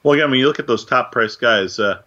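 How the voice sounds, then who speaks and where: A man co-hosting a casual sports podcast, talking through picks in a measured, analytical way with frequent fillers. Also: medium pitch, sharp tone, highs cut off. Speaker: podcast co-host.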